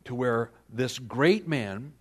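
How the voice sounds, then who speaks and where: A man preaching a sermon, retelling a scripture story with animated storytelling and questions put to the listeners. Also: mid-range voice, slow, husky. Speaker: pastor.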